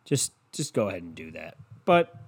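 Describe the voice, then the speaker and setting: A man's voice: sits low, moderate pace, husky. A man hosting a casual solo podcast, ranting with lots of swearing and mocking impressions of other people. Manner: profane, animated, mocking impressions. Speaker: podcast host.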